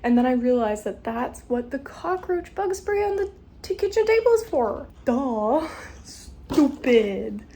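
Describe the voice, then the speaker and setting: Young female vlogger, bright higher voice, chatty and self-deprecating, music bed loud underneath. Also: big pitch swings, normal speed, rough recording. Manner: chatty and bubbly, self-mocking. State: tired and sweaty from the heat. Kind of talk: casual travel vlog chat. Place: outdoors on city streets.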